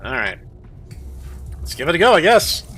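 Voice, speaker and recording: A man hosting a game let's play, making wry deadpan asides as he plays. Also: high-pitched, moderate pace, breathy edge, faint music behind. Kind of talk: casual gameplay commentary.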